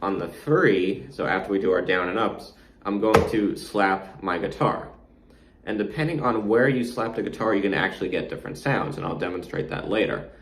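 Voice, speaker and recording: A guitar instructor with a very low, deep voice talks through a lesson, counting beats aloud and explaining as he plays. He is recorded in an echoey room with a faint hiss behind him. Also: normal speed, fairly bright tone, distant mic.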